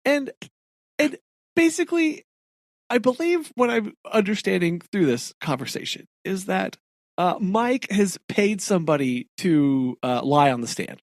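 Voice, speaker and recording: A man's voice: high-pitched, sing-song, unhurried, no room sound, clean studio sound. A man co-hosting a podcast, casually explaining a book's plot, restarting his sentences. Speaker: podcast co-host. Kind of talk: casual chat recapping a book.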